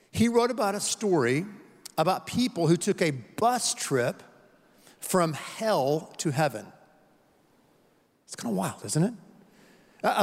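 Male pastor, sermon storytelling, higher voice, earnest repetition, large-hall reverb. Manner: earnest storytelling with repeated words and emphasis.

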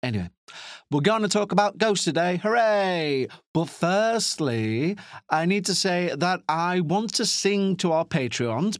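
A man's voice: a little high, no echo, clean studio sound. A man with a Liverpool accent hosting a podcast, rambling in a chatty, self-mocking way with playful asides. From Northern England. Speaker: podcast host. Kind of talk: rambling casual podcast chat.

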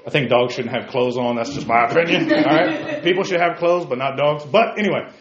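A man preaching a sermon in a church, animated, swinging from quiet asides to shouts and calling listeners by name. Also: mid-range voice, fairly quick, echoey room, muffled recording, crowd noise. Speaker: pastor. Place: church sanctuary.

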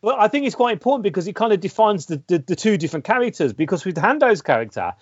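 A man's voice: high voice, very animated, fast talker, slightly rough, dry recording. A man co-hosting a casual film discussion, rambling with many restarts and repeated words. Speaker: podcast co-host. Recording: dull lo-fi sound, dry.

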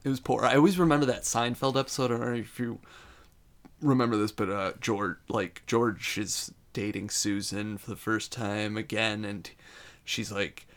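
A man's voice: lowish voice, moderate pace, a bit bright. A man co-hosting a casual podcast, laid-back and fond of retelling scenes. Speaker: podcast co-host. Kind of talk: casual chat.

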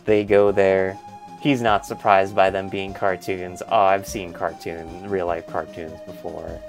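A man's voice: sits low, little pitch movement, measured pace, faint music behind. A man co-hosting a podcast, rambling through a comedic made-up movie recap. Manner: rambling, voices characters in quotes. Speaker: podcast co-host.

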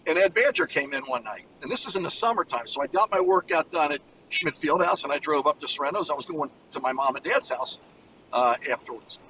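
A man in his sixties, a former college basketball player, telling animated stories over the phone from a moving car. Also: a little high, a little fast, distant mic, a little hiss or hum, low-quality recording. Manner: animated anecdote teller, acts out voices. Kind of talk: casual storytelling by phone.

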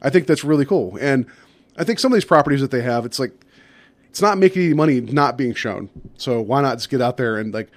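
A man's voice: mid-range voice, animated, quick pace, no room sound. A man co-hosting a podcast in casual chat, rambling and upbeat with lots of fillers. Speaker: podcast co-host.

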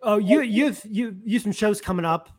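A man's voice: high-pitched, normal speed. A man hosting a podcast, asking questions in a playful, teasing way. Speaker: podcast host. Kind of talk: casual interview chat.

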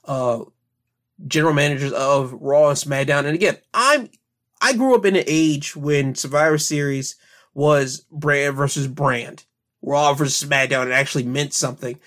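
A man's voice: on the high side, normal speed, fairly bright tone. A young man hosting a podcast, casually recounting wrestling events with frequent fillers. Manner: recounts events in future tense, filler-heavy. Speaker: podcast host.

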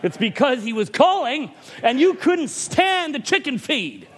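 A man preaching a sermon in church, animated and often asking for an "Amen". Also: extremely high pitch, a little slow.

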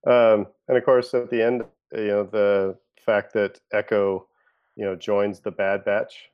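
A man's voice: lowish voice, level tone, unhurried, clear, resonant tone, muffled recording. A man co-hosting a casual podcast chat, musing aloud with many fillers. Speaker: podcast co-host.

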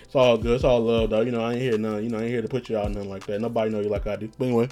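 A man's voice: on the low side, little pitch movement, rapid-fire, dark tone, faint music behind. Rambling, profane man telling stories. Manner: rambling, profane, laughing at his own stories. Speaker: podcast host. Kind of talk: casual storytelling.

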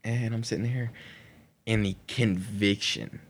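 A man as a podcast guest, telling an emotional personal story in an animated way, with frequent laughter and many "like" fillers. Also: on the low side, unhurried, husky. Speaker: guest sharing his conversion testimony.

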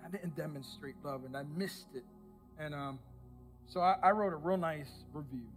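High-voiced pastor telling a funny story. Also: male voice, moderate pace, faint music behind. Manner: animated, self-mocking storyteller who acts out the people he quotes. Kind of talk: sermon with personal storytelling.

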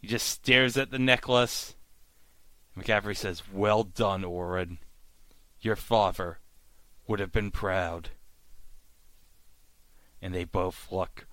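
A man hosting a podcast, casually recapping a TV episode and acting out the characters' lines in animated bursts. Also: low voice, takes it slowly, long pauses, dry recording. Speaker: podcast host.

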